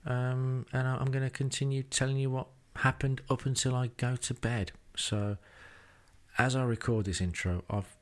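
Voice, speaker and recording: An English man hosts a podcast from a rented home, narrating a travel diary drily and self-deprecatingly with wry asides. His mid-range voice moves little in pitch, at a moderate pace.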